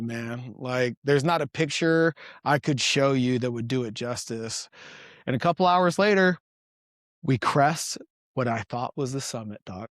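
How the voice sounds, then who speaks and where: A man telling a story as a podcast guest in casual chat, animated, loose and profane. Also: medium pitch, no echo, clean studio sound.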